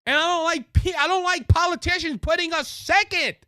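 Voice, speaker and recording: A man's voice: very high voice, a little fast, bright, forceful tone, no echo, clean studio sound. A man with a Cajun accent hosting a political show, ranting passionately, raising his voice and repeating words as he restarts. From Louisiana. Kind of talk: political commentary rant. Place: studio with a monitor.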